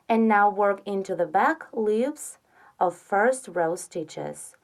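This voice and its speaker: Slow, patient woman teaching crochet. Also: on the low side. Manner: slow, patient, counts stitches aloud softly. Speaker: crochet instructor. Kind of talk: step-by-step tutorial narration.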